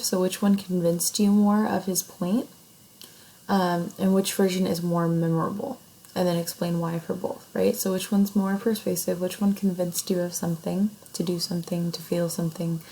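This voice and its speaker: Gravelly low-voiced woman teacher. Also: dark tone, rough recording. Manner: explains step by step, often checks in with "right?". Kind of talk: recorded classroom lesson.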